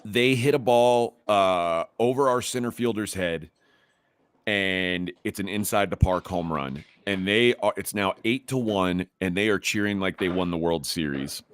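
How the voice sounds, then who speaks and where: At a measured pace, a middle-aged man hosting a podcast spins a meandering story in a low voice. The recording is clean with no echo, and he restarts often while growing more worked up.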